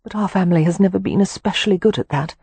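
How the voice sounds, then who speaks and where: A woman's voice: mid-range voice, rapid-fire, mellow, breathy edge, dry recording, pitched above the performer's own voice. A woman reading a firm, soothing elder sister. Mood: reassuring. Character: calm, commanding young woman, reassuring elder sister.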